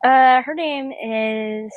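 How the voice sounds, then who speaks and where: A woman's voice: sits high, extremely slow, no echo, narrow, tinny audio. A woman narrating as game master in a loose, laughing way, full of casual fillers.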